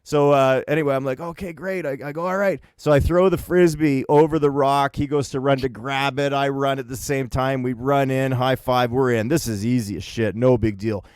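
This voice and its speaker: A man from Winnipeg spins a rambling, animated story for his podcast co-hosts, often breaking into laughter. His voice sits at a middle pitch. The sound is dry and close to the mic. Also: moderate pace, hardly any pauses, clear, resonant tone, no echo. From Winnipeg, Canada. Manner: animated, laughing, acting out quoted friends. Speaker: podcast co-host telling a story.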